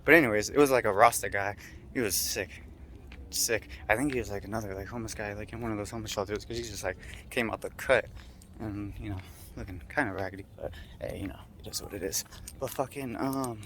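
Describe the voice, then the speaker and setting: A high young man rambles through a story as he walks a street at night, his talk thick with swearing and "like". His voice sits at a middle pitch, and his phone picks up a faint hiss of outdoor noise behind him. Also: animated, brisk, a bit bright. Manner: rambling, heavy swearing and filler words. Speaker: vlogger.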